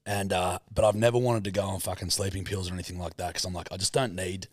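A man's voice: sits low, level tone, fast talker, no echo, studio quality. A young man, a podcast co-host, telling a story in casual chat and swearing freely. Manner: laid-back storyteller, swears a lot.

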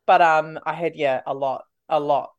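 Young New woman, casual chatty guest, low-pitched, filler-heavy. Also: fairly even intonation, moderate pace, lo-fi sound. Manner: chatty, laughing, lots of "like" fillers. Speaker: radio host, podcast guest. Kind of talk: casual chat.

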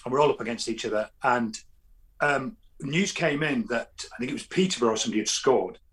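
A man, a football fan guest telling animated stories in casual chat, often restarting his sentences. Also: medium pitch, fast talker. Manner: animated storytelling, frequent restarts.

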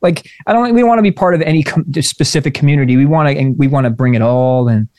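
A man's voice: a little high, fast talker, a little mellow, no room sound, studio quality. A man co-hosting a podcast, chatting casually in a rambling way with many restarts and casual swearing. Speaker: podcast co-host. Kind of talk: casual chat.

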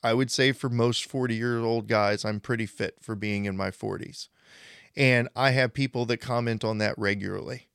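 A man's voice: medium pitch, moderate pace, gravelly, clear, resonant tone, no echo, clean studio sound. A man in his forties co-hosting a podcast, chatting casually and acting out the people he quotes. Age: 40s. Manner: animated storytelling, acts out quoted people. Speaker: podcast co-host.

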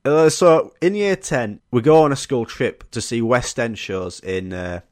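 A man's voice: mid-range voice, a little slow, dry recording, studio quality. A young man with a Yorkshire accent hosting a solo podcast, telling school stories with laughter, swearing and acted-out quotes. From Yorkshire, England. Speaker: podcast host.

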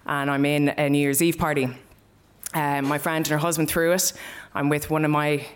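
A woman's voice: low voice, little pitch movement, moderate pace, slight background noise. A young Irish woman telling a personal story live, in a candid, conversational way with plenty of swearing.

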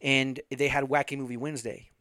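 A man hosting a casual movie podcast, telling stories loudly, laughing and swearing. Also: medium pitch, flat delivery, brisk, no room sound, studio quality. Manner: loud, laughing storyteller who swears. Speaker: podcast host.

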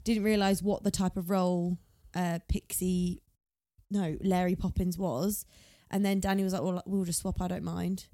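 Woman, podcast co-host, low mellow voice, casual recap chatter, dry close mic. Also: flat delivery, moderate pace, no echo. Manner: chatty, reads out quotes from notes.

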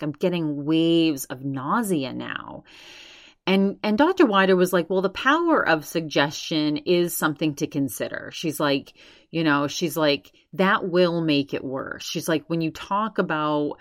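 Low-voiced woman recapping a podcast. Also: dry recording, clean studio sound. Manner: retells others' words with constant "she's like". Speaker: podcast host. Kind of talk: casual recap chat.

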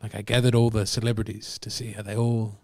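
A man's voice: on the low side, little pitch movement, quick pace, mellow, no room sound, studio quality. An Australian man with an Australian accent hosting a podcast, chatting casually and asking curious, teasing questions. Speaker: podcast host.

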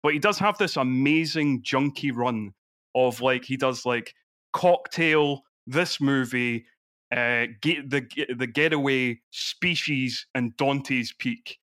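A man's voice: mid-range voice, takes it slowly, a bit bright, dry recording, studio quality. A man appearing as a guest on a film podcast, chatting casually and enthusiastically about movies. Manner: enthusiastic, rising emphasis.

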